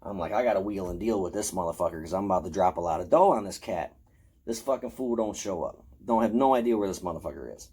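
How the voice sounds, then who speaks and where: A man's voice: deep voice, fast, breathy edge. A man telling a casual, profanity-heavy story about his convention haul, acting out his own lines. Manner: profane, animated, acts out his own quotes. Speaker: horror convention vlogger showing his haul.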